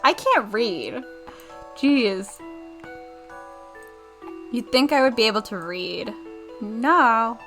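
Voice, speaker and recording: A woman's voice: fairly high pitch, animated, extremely slow, pauses often, a bit bright, soft background music. A young woman streamer chatting casually over gameplay, rambling and self-deprecating.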